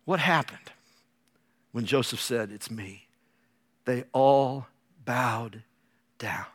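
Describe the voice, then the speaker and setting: A male pastor preaching a sermon, telling the story with animated drama and joking asides. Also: medium pitch, slow pace.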